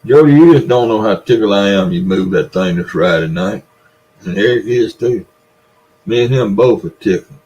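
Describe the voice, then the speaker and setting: A man's voice: on the low side, normal speed, darkish tone, highs cut off. Older Southern man, folksy and rambling. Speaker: livestream host. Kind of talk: casual livestream chat, reading viewer comments.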